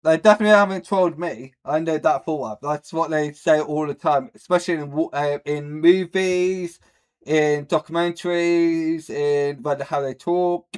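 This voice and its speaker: A British man chats casually on a live stream in a smooth, fairly high voice at normal speed. He rambles, answers chat, and swears offhandedly, with plenty of ums and uhs.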